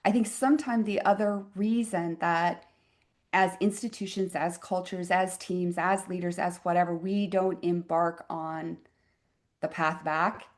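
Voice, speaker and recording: A woman's voice: lowish voice, a little slow. Reflective woman physician in her fifties. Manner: reflective, expressive, with wry asides. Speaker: physician guest. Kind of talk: conversational interview storytelling.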